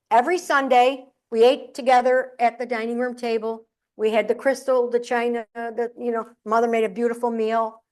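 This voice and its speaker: Animated woman telling funny stories on stage. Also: a little high. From upstate New York. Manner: animated, acts out family members' voices. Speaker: keynote speaker and humorist. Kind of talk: humorous keynote storytelling. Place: conference room with audience.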